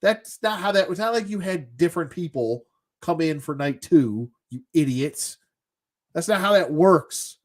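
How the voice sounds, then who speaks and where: Sarcastic, exasperated man, slightly high voice. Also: expressive, measured pace. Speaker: host. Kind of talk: casual ranting commentary.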